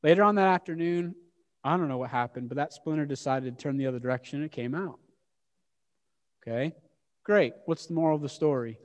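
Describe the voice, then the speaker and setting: A man preaching a sermon as an animated, self-mocking story. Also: fairly high pitch, a little fast, pauses often, dull audio. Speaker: pastor. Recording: long hall reverb.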